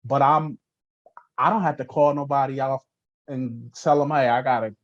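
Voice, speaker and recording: A man hosting a podcast, chatting loosely and colloquially, acting out quick bits of dialogue in his stories. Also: mid-range voice, fairly even intonation. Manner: loose, colloquial, acts out little voices in his anecdotes. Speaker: podcast host. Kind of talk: casual interview chat. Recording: dull lo-fi audio.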